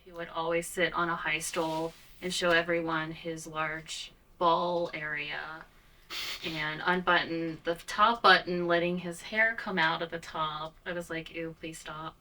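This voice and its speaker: Brief: woman from Ohio, comedy interview host, deadpan and halting, bright tone, slightly low pitch. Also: recorded from a distance, poor audio. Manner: halting, deadpan, many fillers. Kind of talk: awkward comedic chat.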